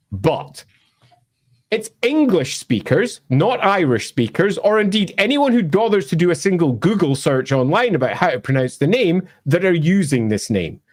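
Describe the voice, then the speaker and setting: Scottish male lore presenter, somewhat high, very lively delivery, opinionated and wry. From Scotland. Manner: emphatic, wry, bursts into mock voices.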